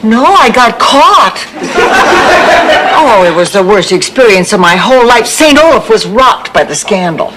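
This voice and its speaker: A woman's voice: a little high, sing-song, unhurried, background noise. An actress playing a naive, sweet small-town woman, earnest and wide-eyed, in a studio sitcom. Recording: old TV sitcom, loud audience laughter.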